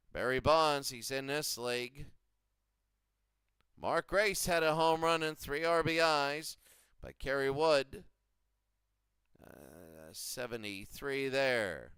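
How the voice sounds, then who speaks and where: Man, unhurried baseball sim commentator, smooth clear voice, dry close sound, meandering delivery. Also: fairly high pitch, a bit bright, no echo. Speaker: video game commentator. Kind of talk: play-by-play recap of a simulated baseball game.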